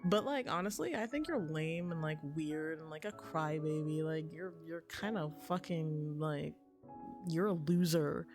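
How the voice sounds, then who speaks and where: A woman's voice: sits low, unhurried, music in the background. Swearing, ranting young woman streamer. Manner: swearing, exasperated rants. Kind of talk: casual game commentary.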